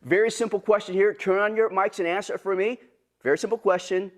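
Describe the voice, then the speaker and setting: High-voiced animated man giving a keynote. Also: fast. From from Vietnam. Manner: animated, joking, with laughs. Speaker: guest speaker. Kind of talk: virtual keynote talk.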